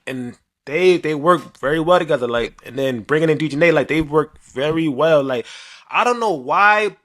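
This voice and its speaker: Young New man, podcast co-host, high and bright, animated trash-talker. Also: moderate pace. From New York. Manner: animated, rambling, heavy slang and filler, trash-talking. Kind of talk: casual sports chat.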